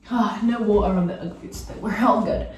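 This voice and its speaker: Getting ready in her echoey bathroom, a young Geordie vlogger from Newcastle rambles to her phone camera while hungover, using plenty of fillers. Her voice is medium-pitched, brisk and a little mellow, picked up far from the mic with slight background noise.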